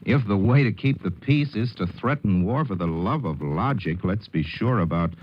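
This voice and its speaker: A man's voice: lowish voice, expressive, normal speed, lo-fi sound, a little hiss or hum. A man delivering a wry, theatrical scripted commentary on a 1940s radio broadcast.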